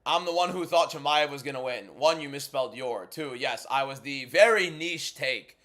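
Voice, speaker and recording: This MMA content creator talks at a medium pitch and normal speed while hosting a casual fight watchalong, responding to chat with blunt banter. His volume shifts between a restrained inside voice and loud hype.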